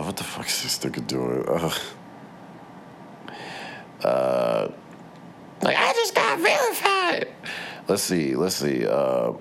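Deep-voiced man ranting with profanity. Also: slight background noise. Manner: rambling, swearing, laughing at himself. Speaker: vlogger. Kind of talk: casual profane rant.

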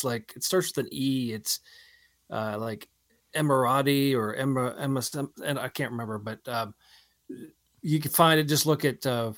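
A man's voice: mid-range voice, a bit bright. A man co-hosting a podcast in casual chat, laid-back and telling stories with some fillers. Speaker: podcast co-host.

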